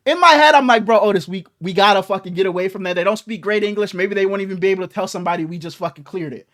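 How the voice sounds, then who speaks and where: A young man with a notably high voice, chatting on a podcast as co-host. He tells stories animatedly and swears a lot, his speech loose and unscripted. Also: rapid-fire, hardly any pauses. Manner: animated, profane storytelling with acted quotes. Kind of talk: casual chat, storytelling.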